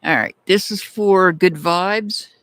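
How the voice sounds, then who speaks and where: Lady tarot reader on a live stream, slow easygoing talk, chatting with viewers by name, dry close sound. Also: fairly low pitch, a bit bright, no room sound. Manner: chatty, calls out viewers by name and thanks them.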